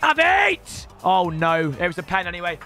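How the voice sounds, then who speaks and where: A young man commentating his own football video game matches, excitable and sweary, ribbing his opponents. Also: high voice, moderate pace. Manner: excitable, shouty, sweary banter. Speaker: gaming YouTuber. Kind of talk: live gameplay commentary. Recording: game music behind voice.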